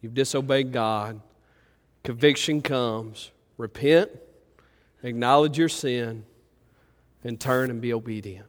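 Taking it slowly with long pauses, a male pastor with a mid-range voice preaches in a big-sounding church sanctuary. He shares a homey, meandering story full of fillers in a warm, folksy way before leading a prayer.

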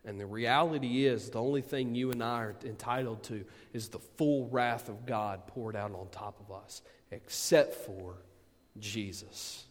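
A man preaching a sermon, swinging from booming emphasis to quiet asides. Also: measured pace. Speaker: pastor. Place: church sanctuary. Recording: long hall reverb.

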